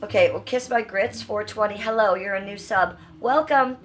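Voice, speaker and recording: A woman's voice: medium pitch, normal speed. A woman hosting a casual livestream from home on a phone microphone, chatting with viewers and her pets. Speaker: livestream host. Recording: roomy, distant phone audio, faint noise.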